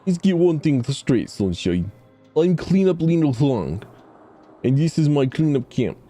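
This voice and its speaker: A man's voice: a little high, very animated, unhurried, mellow, soft background music, voice pushed up. A man voicing a stern, menacing male camp leader in a put-on Scottish accent, with clipped, threatening lines.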